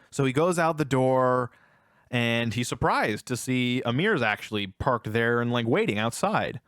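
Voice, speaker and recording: A man co-hosts a casual film review podcast at an ordinary middle pitch. He walks through scenes at length and acts out each character's lines. His voice sits dry and close to the mic, with no room sound. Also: a bit bright, dry recording. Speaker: podcast co-host.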